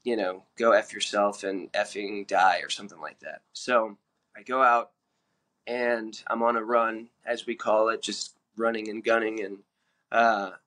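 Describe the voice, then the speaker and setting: A man's voice: fairly low pitch, steady tone, unhurried, a bit bright. A man speaking frankly on a podcast about his past, plain-spoken and full of fillers and restarts as he tells it. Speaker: podcast guest sharing recovery story. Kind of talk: candid personal storytelling.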